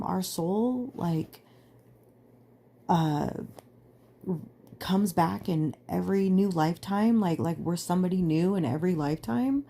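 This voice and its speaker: A woman's voice: mid-range voice, creaky, mellow, breathy edge. A young adult woman hosting a podcast, talking in an earnest, emphatic monologue full of "like" fillers. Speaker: podcast host. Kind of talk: casual personal monologue.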